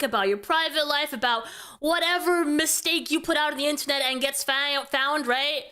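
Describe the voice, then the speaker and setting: A woman's voice: high voice, sharp tone, clean tone. A woman hosting a casual commentary show, talking things through in a chatty way and often tagging her points with a question. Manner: chatty, keeps asking "right?". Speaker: commentary host.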